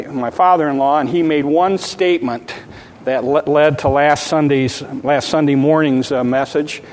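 A man preaching a sermon as pastor, in a halting, folksy storytelling way with frequent fillers. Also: on the high side, big-room sound, a little hiss or hum.

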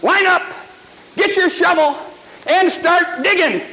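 A preacher voicing fussing indignant kings. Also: male voice, very high-pitched, takes it slowly, bright, forceful tone, long reverb tail, voice pushed up, full character voice, rough recording. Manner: whining, fussing, impatient. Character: indignant proud royal kings, grown men. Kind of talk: sermon storytelling.

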